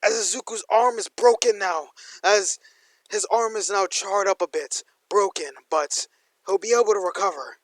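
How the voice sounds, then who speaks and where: A man's voice: sits high, moderate pace, dry recording, poor audio. A young man casually narrating a fan-made story, rambling with lots of slang and "like", on a close mic.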